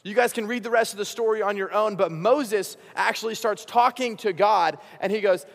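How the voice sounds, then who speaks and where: Animated young pastor in reverberant hall. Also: male voice, high-pitched, normal speed, creaky, hardly any pauses. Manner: casual, animated storytelling with acted-out dialogue. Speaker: high school pastor. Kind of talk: youth sermon.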